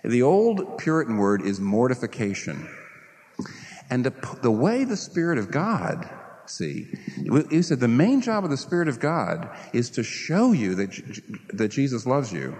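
A man's voice: mid-range voice, moderate pace. A man preaching a sermon, firing off rhetorical questions and acting out the voices people use in their heads. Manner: animated, rhetorical questions, acts out inner voices. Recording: long reverb of a large hall.

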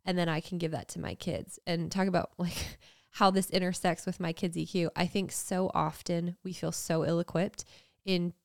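A woman's voice: on the low side, a little mellow, clean tone, no room sound, clean studio sound. A woman in her thirties co-hosting a casual faith podcast, talking earnestly and reflectively with frequent "like" fillers. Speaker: podcast co-host.

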